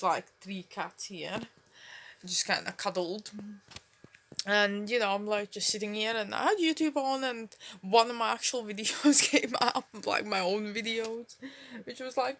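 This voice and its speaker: A young woman vlogs on her phone indoors at home, talking casually to the camera while mumbling and rambling with many fillers. Her voice is medium-pitched and a bit bright, and she is unhurried.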